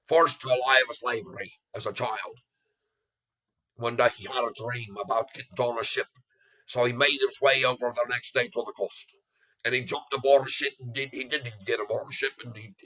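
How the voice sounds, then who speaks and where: A man's voice: mid-range voice, sharp tone, low-quality recording. A man hosting a stock market livestream, rambling in a playful put-on Irish accent with theatrical, chuckling asides. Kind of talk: rambling casual livestream chat.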